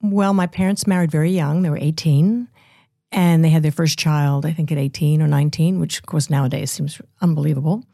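An older woman in her seventies speaks as an interview guest, with a slightly low voice. She tells her story candidly and in a roundabout way, often laughing. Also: fairly even intonation, a little fast, creaky, dark tone. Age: 70s. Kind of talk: casual interview.

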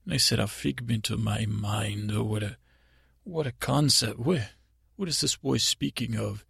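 Comedy improv: man as a naive young prince, halting and meandering, low-rasp fry, breathy edge. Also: a bit bright, no room sound, clean studio sound, heavily acted. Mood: rambling. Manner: halting, stammering, meandering storytelling. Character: timid naive boy prince, rambling and fearful. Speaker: improv comedy podcast performer. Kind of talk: improvised comic monologue.

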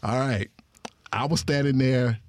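A man's voice: a little slow, dry recording. A man telling a story in casual chat, acting out the people he quotes and laughing often. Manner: animated, acts out quoted voices with big pitch jumps. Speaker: guest storyteller.

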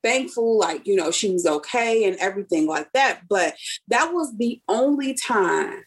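Husky-voiced woman from Chicago, animated storyteller. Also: mid-range voice, moderate pace. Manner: animated storyteller who acts out quoted speech. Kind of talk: casual chat.

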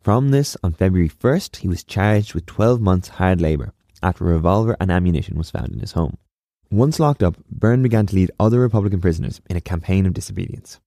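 Guy narrating history, low mellow voice, dead dry sound, joking asides. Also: lively intonation, fairly quick, dry recording. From Ireland. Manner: casual and wry, with sarcastic asides. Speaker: history podcast host.

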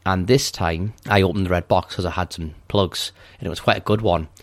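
A man with a low voice co-hosts a casual podcast, methodically walking through a video game level step by step. His intonation stays fairly even and his pace runs a little fast. The recording sounds dry.

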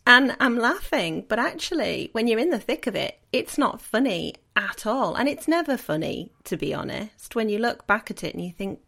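Gravelly-voiced woman podcast host. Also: on the high side, sing-song, normal speed, hardly any pauses, a bit bright. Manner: earnest, reflective, conversational. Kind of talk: solo podcast monologue.

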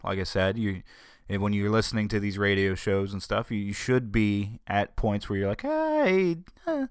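Rambling, low-voiced podcast host man. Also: flat delivery, normal speed, clean tone, dry recording, clean studio sound. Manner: rambling and conversational, griping with wry humor. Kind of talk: casual solo podcast talk.

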